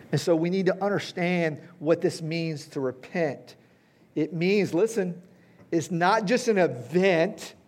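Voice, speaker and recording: Fairly high-pitched and darkish in tone, this fifty-something pastor addresses his congregation in a church hall. His sermon has a chatty feel, punctuated by regular "right?" and "okay?" check-ins.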